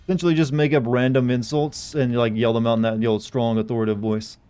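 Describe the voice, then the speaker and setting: A man's voice: medium pitch, level tone, fast, darkish tone. Man rambling profanely over his gameplay. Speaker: streamer. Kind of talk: casual live-stream gaming commentary. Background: faint game music.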